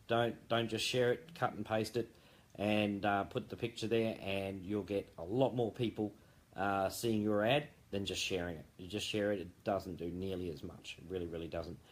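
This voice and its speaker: Low-voiced rambling man, late-night live. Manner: chatty and jokey, lots of fillers and restarts. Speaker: founder giving a live update. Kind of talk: rambling live-stream update.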